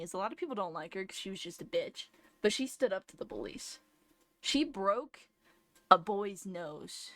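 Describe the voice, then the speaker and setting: Young woman streamer, rambling storyteller, laughs often, mid pitch. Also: a bit bright, no room sound. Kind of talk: casual storytelling chat.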